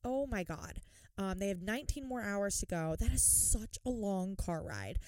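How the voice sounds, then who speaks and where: A woman co-hosting a podcast, chatting casually and swearing freely as she recaps a TV episode with animated retellings. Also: mid-range voice, moderate pace, no echo. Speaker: podcast co-host. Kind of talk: casual chat recapping a TV show.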